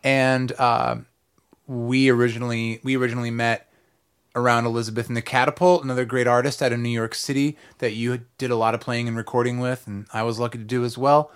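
A man's voice: medium pitch, level tone, fairly quick, clean tone. A man hosting a podcast, chatting casually from a recording studio with a rambling, filler-heavy way of talking. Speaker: podcast host. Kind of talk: casual chat.

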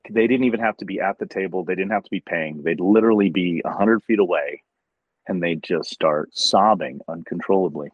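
Deep husky man telling earnest stories. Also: brisk, dry recording, phone-quality sound. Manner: earnest storyteller who acts out conversations. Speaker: convention talent manager. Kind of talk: casual podcast chat.

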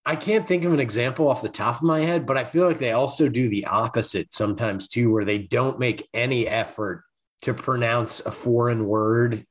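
A man's voice: mid-range voice, moderate pace. Profane, easygoing man chatting. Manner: loose and profane, many fillers. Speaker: podcast co-host. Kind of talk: casual chat.

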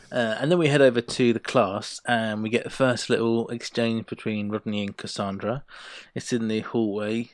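A man's voice: lowish voice, dry recording. A man co-hosting a podcast, chatting casually and animatedly as he recaps a sitcom episode. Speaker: podcast co-host.

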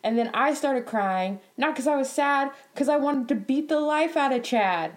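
A young woman telling a work story in a casual vlog, animated and exasperated, laughing often, her voice climbing higher when upset. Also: normal speed.

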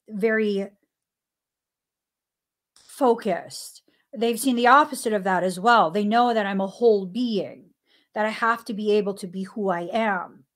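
A woman hosting a spiritual podcast, talking earnestly and candidly with thoughtful pauses. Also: mid-range voice. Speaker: podcast host. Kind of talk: reflective spiritual podcast talk.

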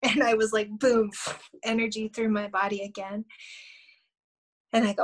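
A woman's voice: medium pitch, level tone, a little slow, pauses often, low-quality recording. A middle-aged woman, a guest on a podcast, earnestly telling a personal story with many fillers and small laughs. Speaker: guest, shamanic healer.

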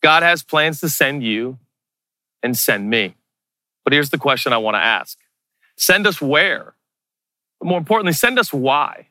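A male pastor preaching with a bright, forceful tone, pitched a little high. He is emphatic and circles back to rhetorical questions. The sound is dry and close to the mic. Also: no echo. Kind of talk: sermon.

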